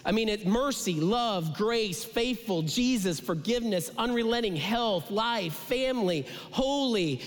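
A man preaching a sermon as pastor, passionate, swinging from bold declarations to hushed, whispered asides. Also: expressive, measured pace, hardly any pauses. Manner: impassioned preaching with dramatic pitch drops and whispered asides. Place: large church sanctuary. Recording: long hall reverb.

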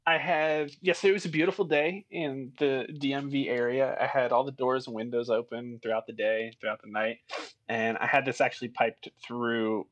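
A man co-hosting a film podcast talks in a relaxed, conversational way at an ordinary pitch. He tells a laid-back anecdote and drops short agreeing replies while his co-host talks. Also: normal speed, muffled recording. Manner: relaxed, storytelling, brief agreeing interjections. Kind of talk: casual movie review chat.

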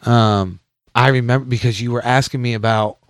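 Animated joking man hosting a chat. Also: medium pitch, normal speed, smooth, dry recording, clean studio sound. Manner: animated, joking, swears freely. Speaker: host. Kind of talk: casual chat. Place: friend's garage.

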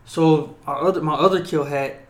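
A young man tells stories in loose, profane podcast chat, with a slightly raised pitch. He gets animated and acts out the yelling of drill instructors. His voice rings in a roomy, echoing space. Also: normal speed, crowd noise. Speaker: podcast co-host. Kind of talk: casual storytelling chat.

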